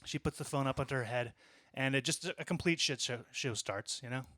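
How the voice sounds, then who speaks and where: A man in his thirties telling a conversational story in a stand-up set, with deadpan asides. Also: mid-range voice, brisk, no room sound, clean studio sound. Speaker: stand-up comedian. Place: small comedy club.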